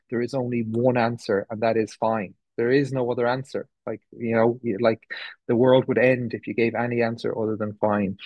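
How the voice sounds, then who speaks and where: A man's voice: medium pitch, a little mellow, no room sound. Irish man, thirties, candid recovery testimony, rambling with restarts, dry close sound. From west of Ireland. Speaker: speaker sharing recovery story. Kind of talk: personal testimony talk. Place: meeting room.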